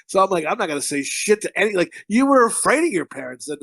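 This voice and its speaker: Profane, rambling high-voiced man. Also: very animated, quick pace, vocal fry, sharp tone, dry recording. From Connecticut, USA. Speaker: podcast host. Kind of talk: casual podcast banter.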